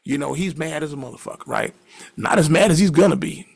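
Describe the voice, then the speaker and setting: A man's voice: on the high side, quick pace, gravelly, no room sound. A man casually telling a profane, rambling story and laughing along with it.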